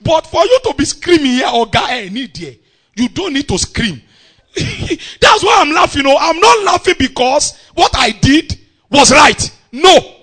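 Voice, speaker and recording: Nigerian preacher doing a smug rich kid, high, bright and dismissive. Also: male voice, very animated, unhurried, heavily acted. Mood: mocking. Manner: laughing, dismissive. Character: carefree rich man's son, young, cocky.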